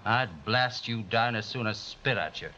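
An actor playing a menacing Wild West gunslinger with a threatening drawl, from a muffled old television soundtrack. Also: male voice, on the low side, animated, normal speed, sharp tone, slight background noise.

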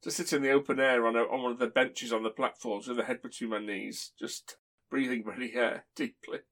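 A man's voice: mid-range voice, steady tone, a little fast, fairly bright tone. A man hosting a podcast, telling stories in a rambling way and chuckling as he talks. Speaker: podcast host. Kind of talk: casual chat.

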